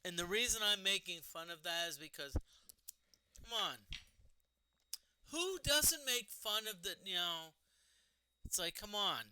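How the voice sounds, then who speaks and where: A high-pitched man talks slowly and chattily as he streams an old role-playing game, exclaiming at loot and scolding characters on screen. His voice is bright and cutting. Faint game music plays behind him. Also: animated, smooth, poor audio. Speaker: streamer playing a retro computer RPG. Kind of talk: casual gameplay commentary.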